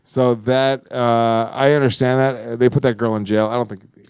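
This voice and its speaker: A man's voice: medium pitch, level tone, normal speed, darkish tone, clear, resonant tone, dry recording, clean studio sound. Profane teasing male podcast host. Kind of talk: casual chat.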